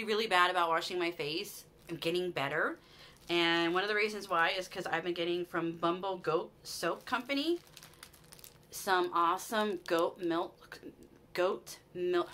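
A chatty woman with a drawl, showing off her shopping finds in a gushing, sentimental way. Her voice sits low for a woman but sounds bright and forward. A faint hiss of background noise runs under her voice. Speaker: vlogger. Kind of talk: casual haul chat to camera.

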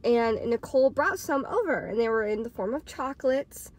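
A woman's voice: on the high side, lively intonation, normal speed. A woman in her twenties telling a casual storytime tale, rambling and packed with "like" fillers. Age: 20s. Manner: rambling, filler-heavy with frequent "like". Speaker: podcaster and storytime vlogger.

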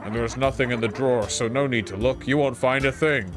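A man's voice: mid-range voice, a little fast, music in the background, lightly acted. A man doing a shifty, stammering fat toad cook. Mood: defensive. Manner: evasive, stammering denials.

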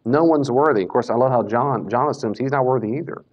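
A man at a middle pitch gives a casual, animated Bible lecture, backing up to correct himself and slipping into the voices of the people he quotes. He speaks into a Bluetooth mic in a classroom or church hall. The recording is dull and lo-fi. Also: fast. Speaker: Bible teacher. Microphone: Bluetooth mic that cuts out.

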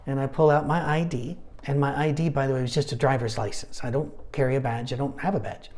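A man leading a Bible study in an easy, conversational style, dropping in stories and wry asides. His voice sits at a middle pitch with a mellow, warm tone. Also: fairly even intonation, fast talker. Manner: chatty and anecdotal, with humorous asides.

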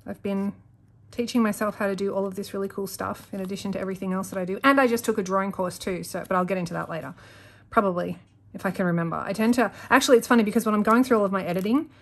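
A woman's voice: mid-range voice, steady tone, rapid-fire. A woman chatting while she sets up her planner at a desk, rambling, sidetracking often and getting worked up when she rants. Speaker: planner vlogger. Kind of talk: chatty talk while crafting. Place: at a desk at home. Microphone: desk-mounted camera.

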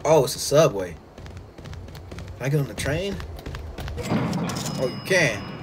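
A young man giving casual gameplay commentary, excitable and slangy, swinging from low mutters to sudden yelps and trash talk. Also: unhurried, soft background music. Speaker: gaming YouTuber.

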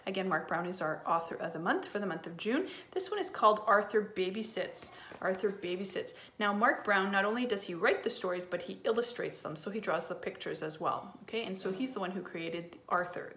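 A woman, a teacher, reading a picture book aloud to young children and explaining gently. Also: medium pitch, expressive, fairly quick, reverberant, a little hiss or hum. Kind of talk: read-aloud storytelling for kids.

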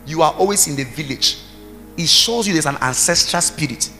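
A man preaching a sermon as pastor, emphatic, with shouted bursts and commands to the congregation. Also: a little high, lively intonation, brisk. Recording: reverberant hall with music behind.

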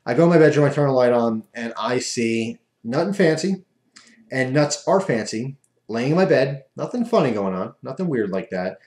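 A man's voice: medium pitch, animated, normal speed, darkish tone. A man casually telling a rambling, self-amused story as a vlogger, recorded in an echoey room.

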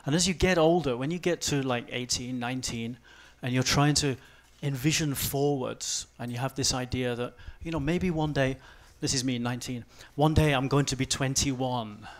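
A man in his forties giving a fast-paced, humorous talk on stage, swinging from quiet asides to loud outbursts. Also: medium pitch. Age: 40s. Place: event stage before a live audience.

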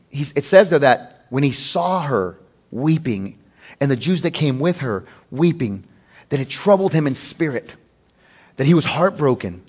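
Animated storytelling male pastor. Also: a little high, breathy edge. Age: adult with a wife. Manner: conversational, animated storytelling with humor. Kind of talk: sermon.

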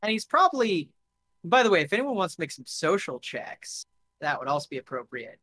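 A man running a live tabletop game, narrating in a loose, chatty way full of fillers and the odd curse. His voice is bright and forward, and the sound is dry and close. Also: fairly high pitch, very animated, fairly quick, dry recording. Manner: casual and chatty, with frequent fillers and swearing. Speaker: game master.

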